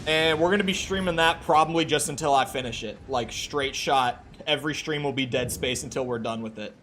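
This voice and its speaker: A man's voice: medium pitch, normal speed, a bit bright, a little hiss or hum. A man streaming a game live, chatting casually with viewers and swearing freely while he plays. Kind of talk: live gameplay commentary. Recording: faint music behind.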